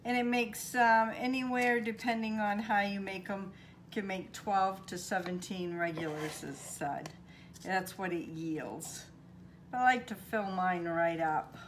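A woman's voice: mid-range voice, measured pace. Older woman, Maine accent, homespun chatty cooking talk, home kitchen, faint background hiss. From Maine, USA. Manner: chatty, homespun, talks to viewers as folks. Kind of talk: casual cooking demonstration.

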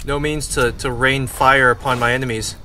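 A young man commenting on a video game he is playing, excitable and swearing, often yelling at the game. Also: medium pitch, moderate pace, a little hiss or hum. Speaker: let's play gamer. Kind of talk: gameplay commentary. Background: game music.

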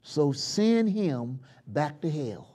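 A man preaching a live church sermon, swinging from loud shouts down to hushed murmurs and leading the congregation in call-and-response chants. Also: fairly high pitch, big pitch swings, slow, breathy edge. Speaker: pastor. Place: church sanctuary.

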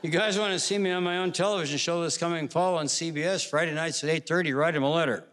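A man telling stand-up jokes on a stage with quick punchlines. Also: on the high side, fairly bright tone. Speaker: stand-up comedian. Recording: long hall reverb.

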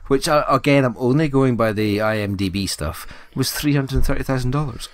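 A man co-hosting a podcast, chatting casually about films, incredulous and quick to laugh. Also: mid-range voice. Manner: animated, laughs often, incredulous. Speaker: podcast co-host. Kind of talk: casual film chat.

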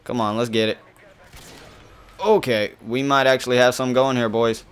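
A young man hosting a gaming channel, giving live commentary over his own match, shifting between calm explanation and sudden cursing outbursts. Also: medium pitch, moderate pace, clean tone. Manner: frustrated, swearing, swinging between calm and outbursts.

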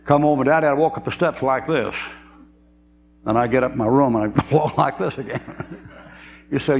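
A man's voice: medium pitch, animated, moderate pace, vocal fry, pauses often. A man, preaching a folksy sermon, telling stories and laughing often. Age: 70s. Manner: folksy storytelling, laughs often, drawling asides. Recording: dull lo-fi tape with faint hum.

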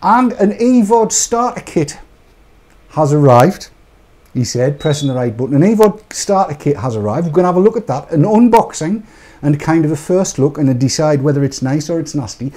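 A man's voice: a little high, expressive, fast talker, warm tone. A man hosting a live show, chatting and joking off the cuff as he rambles through products. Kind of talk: casual live-stream chat.

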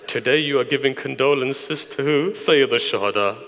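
A man preaching a grieving, impassioned mourning sermon, moving from hushed asides to loud lament in a large hall. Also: medium pitch, moderate pace, hardly any pauses, a little hiss or hum. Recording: long hall reverb.

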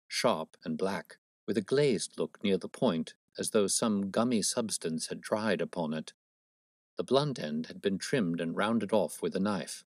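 Low-voiced man reading a storybook. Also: no room sound, studio quality. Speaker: narrator.

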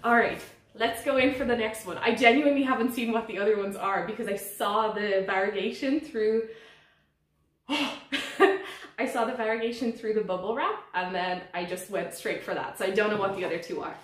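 A woman unboxing plants in a casual vlog, gushing and giddy, sometimes squealing with excitement. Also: medium pitch, moderate pace. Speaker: plant vlogger. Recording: echoey room.

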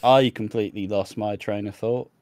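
A man's voice: fairly low pitch, steady tone, moderate pace, a little mellow, no room sound, clean studio sound. A young man co-hosting a podcast in casual chat, rambling and swearing freely, laughing often and losing his train of thought. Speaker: podcast co-host.

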